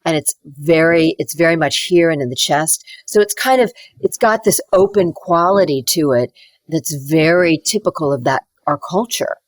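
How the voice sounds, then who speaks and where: A woman with a slightly low voice chats as a podcast guest, explaining dialects with animated, demonstrative energy. She sounds dry and close to the mic. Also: moderate pace, no room sound. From United States. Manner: animated, demonstrative, slips into accent impressions while explaining. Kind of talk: casual podcast conversation.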